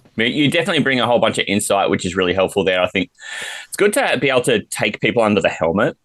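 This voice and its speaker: A man's voice: lowish voice, very animated, racing, a bit bright, dry recording. A middle-aged Australian man hosting a fantasy football podcast in casual, teasing chat. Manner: jokey, teasing, upbeat. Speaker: podcast host.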